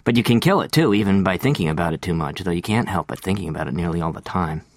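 A man reading a literary first-person monologue, slow and reflective, lingering over details. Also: low-pitched, animated, no room sound.

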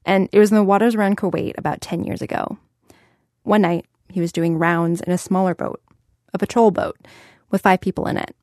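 A woman hosting and reporting, narrating a scripted story in a clear, conversational way. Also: mid-range voice, steady tone, brisk, a little mellow, no room sound. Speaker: host and reporter. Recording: dry studio sound.

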